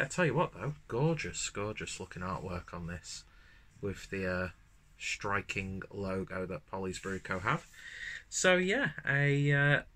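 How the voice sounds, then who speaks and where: A man's voice: low voice, bright, forceful tone. A man reviewing a beer to camera at home, chatting casually with rambling asides and the odd swear word. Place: at home, indoors. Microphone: camera mic.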